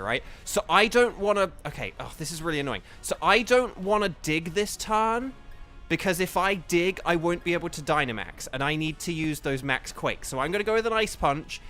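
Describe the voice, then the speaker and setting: A young man live-streaming a game and chatting, excitable and flustered, rambling with lots of fillers. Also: high-pitched. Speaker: streamer and voice actor. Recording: faint game music behind.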